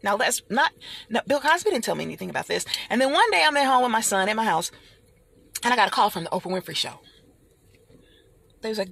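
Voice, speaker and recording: A middle-aged woman giving an animated motivational talk, speaking like a preacher and calling her listeners honey and y'all. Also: on the high side, fast talker, gravelly, long pauses, husky.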